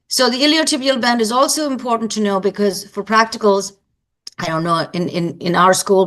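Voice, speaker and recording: A woman's voice: medium pitch, vocal fry. A woman teaching an anatomy lecture to students, explaining step by step and repeating key points for emphasis.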